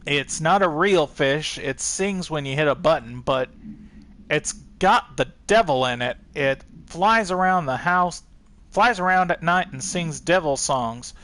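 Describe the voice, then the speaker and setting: A man voicing an upset rural letter writer in a put-on Texan accent, reading quickly in a folksy, agitated way. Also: a little high, fairly bright tone. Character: upset rural man complaining about haunted fish.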